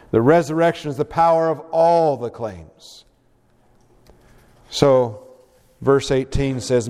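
A man preaching a sermon, reading scripture aloud with dramatic, expressive emphasis. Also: on the high side. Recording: long hall reverb.

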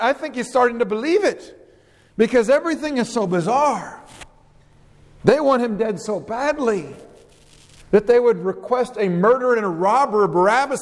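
A man's voice: high-pitched, big-room sound. A male pastor preaching an expository sermon, reading scripture verses aloud and explaining them with emphasis.

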